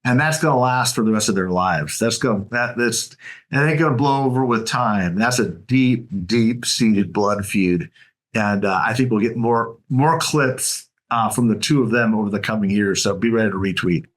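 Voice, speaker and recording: A man's voice: fairly low pitch, normal speed. A man co-hosting a political podcast, telling stories with relish in casual chat. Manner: lively storyteller, retells events with relish. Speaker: podcast co-host.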